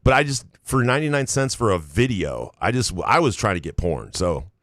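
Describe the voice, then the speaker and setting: A man's voice: fairly low pitch, sing-song, a little fast, fairly bright tone, no room sound, clean studio sound. A man co-hosting a sports podcast in casual, irreverent chat, joking while reading out listener takes. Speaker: podcast co-host.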